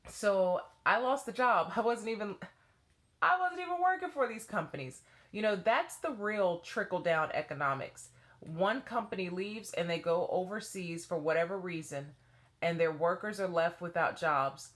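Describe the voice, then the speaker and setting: Animated woman with a lower voice telling a story. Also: moderate pace. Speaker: former children's dance teacher. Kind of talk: personal storytelling vlog.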